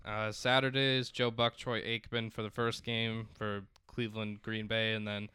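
A man's voice: lowish voice, level tone, normal speed, bright, forceful tone, clean tone, no echo, clean studio sound. A man co-hosting a sports podcast in a casual chat, reading out lists and laughing often. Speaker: podcast co-host.

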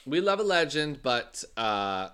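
A man's voice: medium pitch, very animated, a little slow, crowd noise. A man in casual chat recapping a show, opinionated and jokey.

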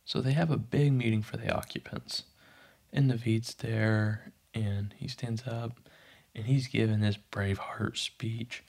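A man's voice: on the low side, gravelly. A man casually recapping a TV episode, narrating scenes and briefly acting out quoted lines. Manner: animated, pops into quick character voices for quotes. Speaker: podcast host recapping a TV episode.

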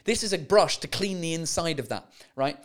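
A man's voice: fairly high pitch, expressive, normal speed. Chatty, sweary man hosting a comedy podcast. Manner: chatty and sweary, laughing at mistranslations. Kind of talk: casual comic monologue.

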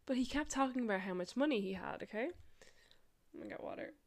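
A woman's voice: a little high, lively intonation, fast. A woman in her twenties hosting a podcast, telling personal stories in a chatty way, swearing, laughing often and filling her talk with likes. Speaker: podcast host. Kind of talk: casual storytelling podcast.

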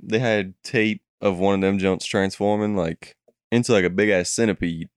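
A man's voice: fairly low pitch, normal speed, clean tone, no room sound, clean studio sound. A young man telling a long story in casual chat, swearing freely and acting out what people said. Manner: profane, animated storytelling with acted quotes. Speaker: storyteller recounting a dream.

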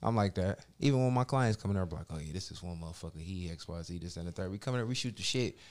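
A man's voice: sits low, racing. A man in casual chat, telling a story with a lot of swearing and acting out other people's lines. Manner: profane, animated storyteller acting out quotes.

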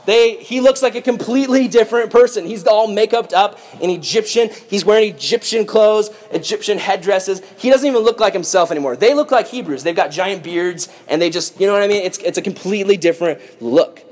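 Brief: male preacher, animated and joking, storytelling with a high voice. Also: brisk, hardly any pauses. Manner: animated, playful, jokey. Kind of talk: lively Bible storytelling.

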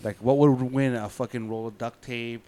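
A man co-hosting a podcast, chatting casually, animated, swearing often and telling stories. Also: medium pitch, moderate pace. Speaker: podcast co-host. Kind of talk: casual chat.

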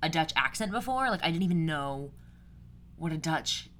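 Low-voiced chatty young woman podcaster. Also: lively intonation, normal speed, fairly bright tone, a little hiss or hum. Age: 20s. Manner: chatty and rambling, many fillers. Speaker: podcast host. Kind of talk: casual solo podcast chat.

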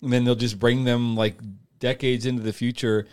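A man's voice: mid-range voice, level tone, normal speed, clear, resonant tone, no room sound. A man co-hosting a podcast in casual chat, rambling with many fillers. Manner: rambling, filler-heavy, often acts out imagined dialogue. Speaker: podcast co-host.

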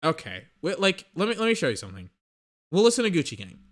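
A man's voice: fairly high pitch, wildly swooping pitch, quick pace, a little hiss or hum. A young man casually reacting to rap songs, rambling and chatty, with music playing behind him. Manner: chatty, rambling, mocking impressions.

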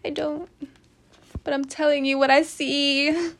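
Recorded inside her home, a woman delivers an informal tarot reading full of animated chatter and frequent laughter. She speaks in a high register and a touch slowly.

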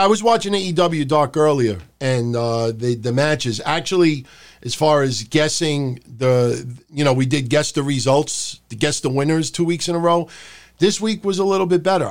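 Guy rambling about wrestling on his podcast, kinda high voice, swears a lot. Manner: rambling, profane, does shouted impressions. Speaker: podcast host. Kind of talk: casual wrestling review.

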